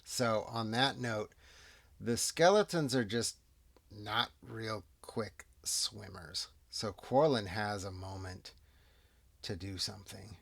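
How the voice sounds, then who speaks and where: A man narrates a solo tabletop game in a relaxed, unhurried way, thinking each move through aloud. His voice sits low and carries a gravelly fry. He often drops into quiet muttered asides to himself.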